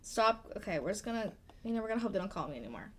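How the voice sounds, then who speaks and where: A woman's voice: mid-range voice, sing-song, rapid-fire, a bit bright. A woman co-hosting a casual chat show about tabletop games, bubbly and easily sidetracked. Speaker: podcast co-host.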